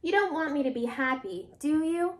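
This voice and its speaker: A woman's voice: high-pitched, animated, normal speed. A woman voicing a whiny, pleading cartoon pigeon. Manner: dramatic, pleading.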